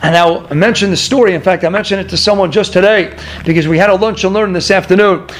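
A man with a high voice speaks fast while teaching a Torah class. He tells stories, poses rhetorical questions to his listeners, and chuckles through his digressions.

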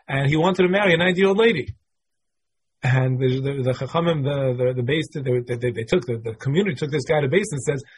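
A man's voice: medium pitch, slightly rough. A middle-aged man teaching a Torah class in a casual, conversational way, thinking aloud as he explains the texts.

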